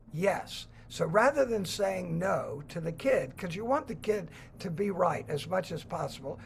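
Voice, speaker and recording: A man telling a children's story and explaining it, animated and acting out the voices. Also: high voice, vocal fry, a little hiss or hum. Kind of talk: storytelling talk.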